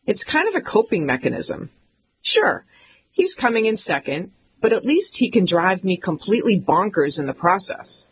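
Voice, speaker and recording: A woman's voice: medium pitch, big pitch swings, moderate pace, slight background noise, low-quality recording. A woman reading a comic memoir aloud in an emphatic, mock-indignant way. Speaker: audiobook narrator. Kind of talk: scripted comic memoir narration.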